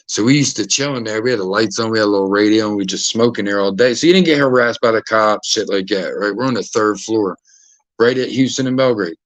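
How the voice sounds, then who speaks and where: A man's voice: lowish voice, quick pace, no echo, rough recording. Man telling rowdy stories. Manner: profane, acts out quoted voices. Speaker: podcast host. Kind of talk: casual storytelling.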